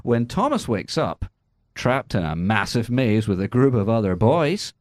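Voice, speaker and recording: A man hosting a radio movie show, reading the news with sarcastic, deadpan jokes. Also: medium pitch, a little slow, no room sound. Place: radio studio.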